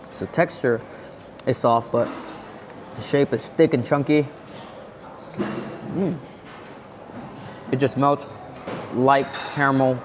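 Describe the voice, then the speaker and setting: A man records a casual food vlog in an indoor hotel buffet, talking through each dish. He hums with contentment between bites and keeps his voice at an everyday middle pitch. The sound of the dining room is clearly heard behind him on a camera-mounted mic. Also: darkish tone, a little hiss or hum. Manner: chatty, savoring each bite with contented hums. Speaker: food vlogger. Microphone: camera-mounted shotgun mic.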